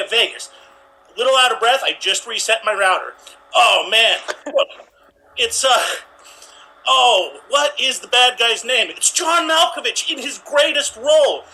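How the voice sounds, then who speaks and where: A man improvising a comic movie retelling in a rambling, excited way. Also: extremely high pitch, a little slow, rough recording. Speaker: improv player.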